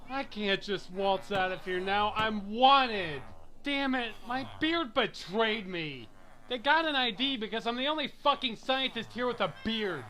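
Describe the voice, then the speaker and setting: A man giving sarcastic let's play commentary, with deadpan asides that burst into yelling. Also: sits high, measured pace. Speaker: gamer. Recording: game gunfire behind voice.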